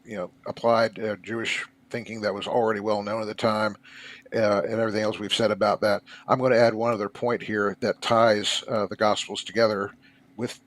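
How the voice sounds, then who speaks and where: A man speaking as a podcast guest, explaining in a measured way with frequent fillers. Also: fairly low pitch, little pitch movement, a bit bright. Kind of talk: explanatory discussion.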